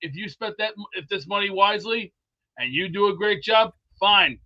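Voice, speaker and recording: Male sports-talk host with a high, rambling, boisterous delivery and dull lo-fi sound. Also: moderate pace, bright, forceful tone. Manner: rambling and boisterous, full of movie quotes. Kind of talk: live sports talk chat. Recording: dull lo-fi audio.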